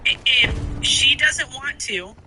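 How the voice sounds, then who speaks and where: A man's voice: extremely high pitch, lively intonation, slow, music in the background. A man live-streaming, giving opinionated casual commentary while he plays a game. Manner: opinionated, talks while gaming.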